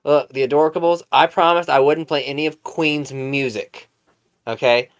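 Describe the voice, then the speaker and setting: A man's voice: fairly high pitch, steady tone, moderate pace. A man hosting a commentary video, making sarcastic, incredulous remarks about a clip.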